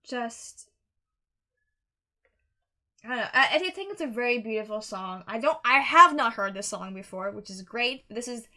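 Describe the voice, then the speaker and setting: Young woman, music reaction host, earnest and rambling; slightly high, bright voice. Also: animated, moderate pace, pauses often. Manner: rambling, earnest, with frequent restarts and fillers. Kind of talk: casual song review monologue.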